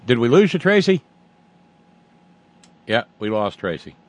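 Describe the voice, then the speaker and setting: A man hosts a casual radio talk show in a wry, digressive voice. He rambles through listener emails at an everyday pitch. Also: big pitch swings, unhurried.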